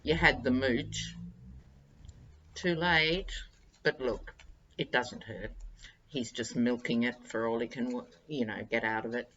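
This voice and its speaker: A woman's voice: a bass voice, steady tone, slow, pauses often, fairly bright tone, dull audio. A woman, chatting wryly and directly to her viewers as a tarot-reading vlog host. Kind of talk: casual monologue to viewers.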